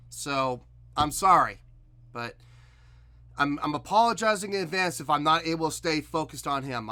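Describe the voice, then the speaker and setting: A man's voice: a little high, sharp tone. A man hosting a music reaction video, giving blunt and exasperated commentary straight to the camera.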